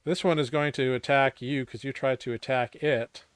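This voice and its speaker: A man narrating as game master of a tabletop game, relaxed with many fillers. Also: medium pitch, moderate pace, clean tone, no room sound, studio quality.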